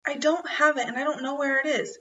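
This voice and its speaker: A woman's voice: high voice, steady tone, fairly quick, fairly bright tone, far from the mic, lo-fi sound, pitched above the performer's own voice. A woman voicing a wary, stubborn young boy who answers bluntly.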